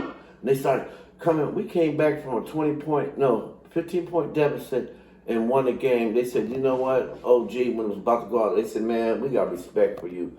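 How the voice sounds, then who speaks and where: A man's voice: medium pitch, moderate pace, warm tone, reverberant. An older man telling a casual story, laughing often and acting out the voices of others.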